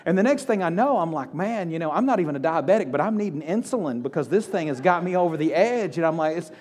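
A man preaching a sermon as pastor, telling stories in an animated way and acting out the voices he quotes. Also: fairly high pitch, quick pace. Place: church sanctuary. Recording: long hall reverb.

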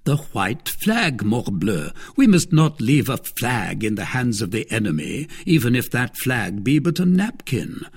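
A man's voice: mid-range voice, big pitch swings, a little slow, hardly any pauses, husky, full character voice. A man voicing a dry-witted, weary male musketeer in a storybook reading, speaking wryly and with command.

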